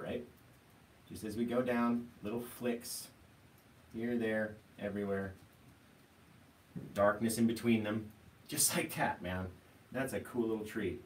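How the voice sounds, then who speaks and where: Brief: male painting instructor, chatty and easygoing, room echo, mic set back. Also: fairly low pitch. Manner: relaxed, chatty, keeps asking "right?". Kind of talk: live painting tutorial. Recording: roomy sound, mic at a distance, faint noise.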